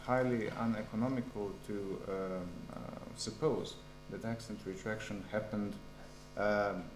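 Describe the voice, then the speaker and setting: Hesitant low-voiced man in an echoey room. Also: steady tone, measured pace, slight background noise. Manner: hesitant, frequent fillers. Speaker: PhD candidate defending a thesis. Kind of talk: formal academic answer.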